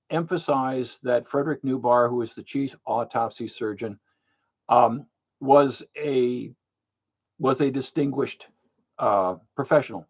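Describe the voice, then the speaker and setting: This is the host of a monthly live question-and-answer stream, an older man with a husky, medium-pitched voice. He keeps things casual and plain-spoken, talking bluntly and filling gaps with plenty of fillers.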